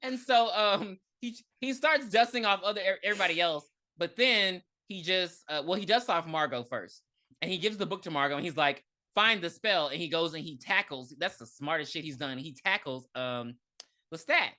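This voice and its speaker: A woman co-hosting a casual podcast, recapping an episode in slangy, animated chat, often laughing and acting out the characters' lines. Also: fairly low pitch, moderate pace. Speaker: podcast co-host.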